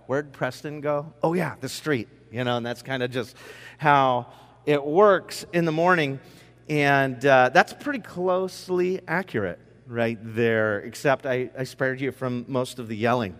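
In a large hall, a man with a mid-range, fairly bright voice speaks at a measured pace to students. It's a humorous storytelling talk, conversational and self-deprecating, sprinkled with joking asides.

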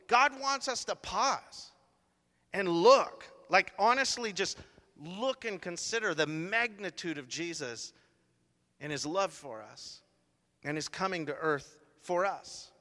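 A man's voice: high voice, lively intonation, slow pace, bright, forceful tone, big-room sound. A middle-aged man preaching a sermon, telling a chatty story with playful asides. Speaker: pastor.

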